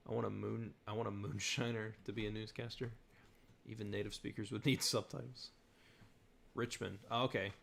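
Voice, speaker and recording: Gravelly low-voiced young man chatting casually. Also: little pitch movement, normal speed, a bit bright, a little hiss or hum. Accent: General American with slight Southern Virginia tinge. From southern Virginia. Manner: rambling, many fillers, reads chat aloud. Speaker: YouTube host answering live chat. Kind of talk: casual live-stream chat.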